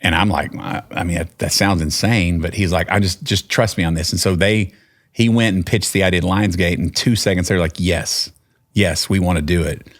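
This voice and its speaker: Deep-voiced Texan man telling a story. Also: fairly even intonation, a little fast. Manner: rambling, with many restarts and quoted dialogue. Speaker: podcast guest, singer-songwriter. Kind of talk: casual storytelling.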